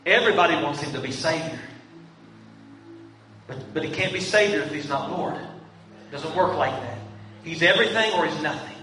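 Heard from a distance in an echoey sanctuary with a faint hum underneath, a male pastor preaches with earnest, pleading intensity. His voice sits a little high, sounds sharp, and carries lively intonation at a normal speed.

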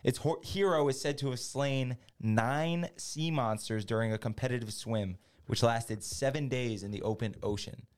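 A man hosting a casual podcast who reads trivia questions aloud at an even pace. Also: mid-range voice, normal speed, few pauses. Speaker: quiz host reading trivia questions.

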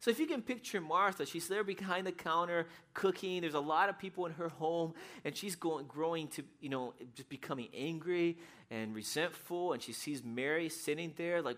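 Man, pastor, from Brazil, raised pitch, animated storytelling sermon. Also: moderate pace. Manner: animated storyteller, acts out scenes with shouts.

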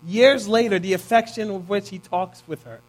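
Thirties male preacher, high voice, relaxed and chatty, keeps asking the room "right?". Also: normal speed. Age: 30s. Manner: casual, peppers points with "right?". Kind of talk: conversational sermon.

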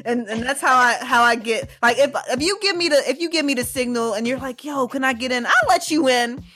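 A woman podcast co-host telling stories in casual chat, animated and laughing often. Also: high voice, fairly quick. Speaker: teacher.

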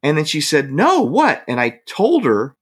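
A man from the San Francisco Bay Area, a guest telling a story in casual chat, animated and laughing as he acts out what people said. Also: a little high, normal speed, breathy edge.

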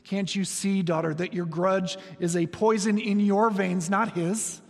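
A man voicing God as a calm, fatherly figure who urges quietly, slowly and insistently. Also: high voice, gravelly, heavily acted. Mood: urging. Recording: reverberant hall, faint music.

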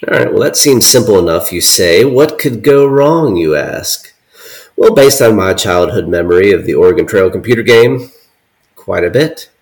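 A man co-hosting a podcast, reading an old account aloud with deadpan asides. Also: low voice, moderate pace, low-quality recording. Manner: deadpan, reads quotes with dry asides. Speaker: podcast co-host.

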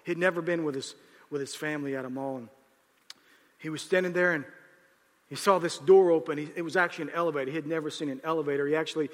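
A man preaching a sermon to a congregation, animated and swinging up into loud, emphatic bursts. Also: a little high, fast talker. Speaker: pastor. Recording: hall reverb.

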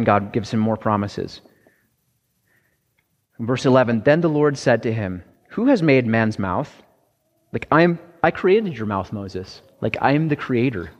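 A man preaching a conversational sermon, halting at times with restarts and fillers. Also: mid-range voice, lo-fi sound. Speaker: pastor. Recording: long hall reverb.

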